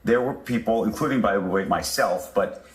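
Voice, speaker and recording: A man giving candid, measured interview commentary on markets, with a few fillers. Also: on the low side, roomy sound. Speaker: financial news commentator.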